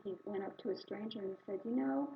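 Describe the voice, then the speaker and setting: A woman telling a story during a spiritual service in an animated, conversational way. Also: mid-range voice, quick pace. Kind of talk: sermon storytelling. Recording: slightly dull recording with faint hiss.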